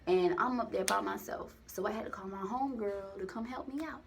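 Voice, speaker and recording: A young woman telling a personal story to the camera in a candid, profane, animated way, acting out the voices in her quotes. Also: medium pitch, a little fast, gravelly. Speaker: vlogger. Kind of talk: casual storytime monologue.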